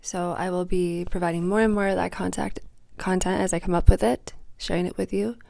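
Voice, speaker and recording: A woman coaching on manifestation in a casual, reflective vlog, speaking softly and sometimes dropping to a whisper. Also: on the low side, fairly even intonation, brisk, creaky. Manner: soft-spoken, drops to a whisper at times.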